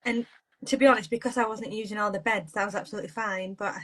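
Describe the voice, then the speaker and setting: A woman's voice: medium pitch, fairly even intonation, fast, a bit bright, slight background noise, low-quality recording. A woman being interviewed as a podcast guest, talking in a bubbly way and laughing often. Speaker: podcast guest, garden designer. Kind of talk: casual chat.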